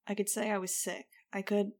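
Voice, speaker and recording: A woman's voice: medium pitch, little pitch movement, a little fast. A woman narrating a first-person audiobook in a wry, conversational way.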